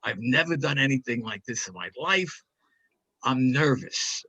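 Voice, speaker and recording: An older man telling a comic prank story on a talk show in a casual, animated way, acting out the other voices in it. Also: medium pitch, unhurried, gravelly, slightly rough, lo-fi sound.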